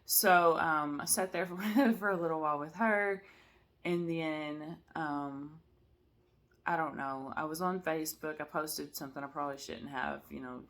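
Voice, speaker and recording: Woman vlogger, casual and rambling, slightly low voice, sounds tired; good for a relaxed home chat. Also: measured pace. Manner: chatty, rambling, many fillers and asides. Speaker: cross-stitch vlogger.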